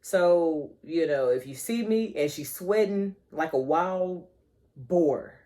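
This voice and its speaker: A woman's voice: low-pitched, lively intonation, slow pace, mellow. A woman vlogger, chatting playfully to her viewers and calling them honey and child. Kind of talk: casual chat to camera.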